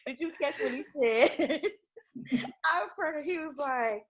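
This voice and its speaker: A woman's voice: high voice, unhurried, a bit bright. A woman in a casual TV recap chat who giggles as she retells funny moments. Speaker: podcast co-host.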